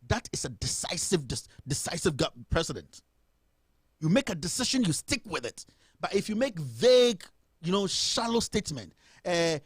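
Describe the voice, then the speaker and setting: Ghanaian guy ranting hard on politics, pretty high voice, dry close sound. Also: big pitch swings, a little fast, husky, dry recording. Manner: impassioned, indignant, repetitive ranting. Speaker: commentary host. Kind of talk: passionate political commentary.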